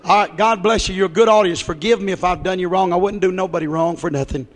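A man's voice: high-pitched, fast. A man preaching a sermon in a folksy manner, rising to fervent exclamations. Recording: music and long hall reverb.

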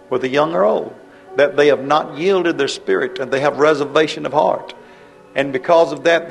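A man preaching a fervent revival sermon, impassioned and pleading, his voice rising into high cries. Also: gravelly.

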